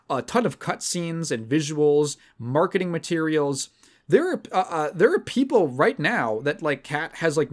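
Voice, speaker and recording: A man hosting a podcast, telling a story in a casual, rambling and animated way. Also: on the high side. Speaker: podcast host. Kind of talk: casual chat.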